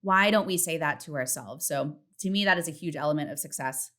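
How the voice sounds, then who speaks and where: A woman in her thirties hosting a casual solo podcast from home, chatty and candid, swearing freely and acting out her self-talk in a high voice. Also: fairly quick, a bit bright. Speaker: podcast host. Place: home, partner in the next room.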